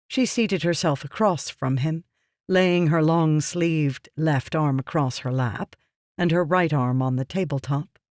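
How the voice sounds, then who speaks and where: An audiobook narrator reading a fantasy novel in a measured, even storytelling voice. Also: medium pitch, dry recording, clean studio sound.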